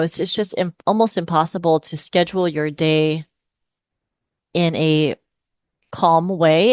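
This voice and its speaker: A woman's voice: on the low side, smooth, no room sound. A middle-aged woman from Hawaii, a speech-language pathologist, patiently explaining strategies in a podcast interview. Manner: patient, explanatory, models phrases in a lilting parent voice.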